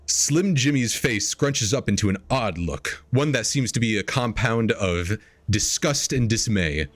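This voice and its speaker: A man hosting a podcast, reading an AI-written story aloud as a comedic dramatic reading and pitching quoted lines up into exaggerated voices. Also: expressive, measured pace. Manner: reads quoted lines in exaggerated higher voices, laughing at the text. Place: home streaming setup.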